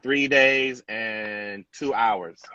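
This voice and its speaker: Man, hairstylist, storytelling, animated, acts out quotes, dry sound. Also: on the low side, very slow, no echo, dull audio. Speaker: celebrity hairstylist, guest. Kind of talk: storytelling interview chat.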